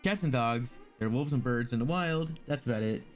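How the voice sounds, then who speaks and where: A man's voice: medium pitch, animated, fairly quick, natural voice. A man reading the lines of a chatty young woman zoologist in a game, in an eager, rambling manner, with faint music behind. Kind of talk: reading game dialogue aloud.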